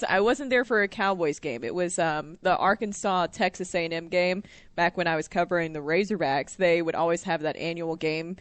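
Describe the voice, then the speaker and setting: A woman's voice: lowish voice, a little fast, dry recording. A woman co-hosting a sports talk radio show, chatting and teasing in a casual way.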